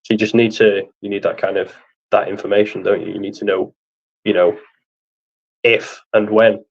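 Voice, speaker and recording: A man's voice: fairly low pitch, flat delivery, normal speed, vocal fry, dull audio. A man in casual livestream chat who sounds sympathetic and reassuring as he responds to his guest.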